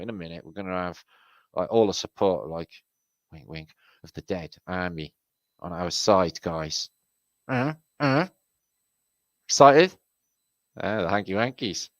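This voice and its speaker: A man's voice: fairly low pitch, dry recording, low-quality recording. Swearing British man hosting a livestream. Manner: rambling, swears freely, slangy and chummy. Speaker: livestream host. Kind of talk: casual livestream chat, reading out viewer comments. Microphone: streaming setup mic.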